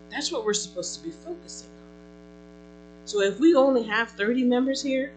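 A woman pastor preaching a sermon to a small congregation, conversational and animated, full of rhetorical questions. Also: mid-range voice, low-quality recording.

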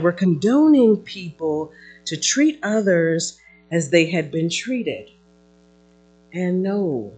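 A pastor preaching a sermon in an animated way, with playful asides and acted-out quotes. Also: mid-range voice, husky.

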